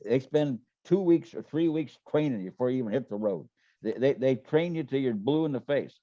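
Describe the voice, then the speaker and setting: A man's voice: medium pitch, lively intonation, brisk, dark tone, dry recording, muffled recording. A man telling business stories in a folksy, casual way, often repeating words and acting out what people said. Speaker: guest. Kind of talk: casual storytelling interview.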